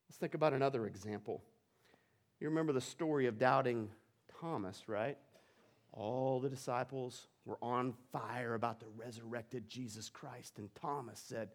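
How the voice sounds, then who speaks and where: A man pastor preaching a sermon, telling Bible stories with animated energy and building intensity. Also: moderate pace. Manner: animated storytelling, rising in pitch and volume during dramatic retellings.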